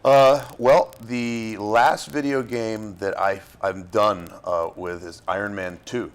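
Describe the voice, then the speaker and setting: A man from Florida, an actor being interviewed, talking in a relaxed, halting way with fillers and restarts. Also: lowish voice. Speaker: actor guest. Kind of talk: casual interview talk.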